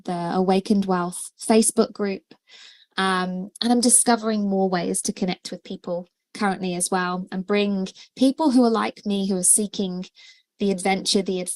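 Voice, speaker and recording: Hosting a livestream as a coach, this woman talks in a chatty way, restarting sentences, using plenty of fillers, and laughing a lot. Her voice is medium-pitched and a little mellow, recorded with no room sound.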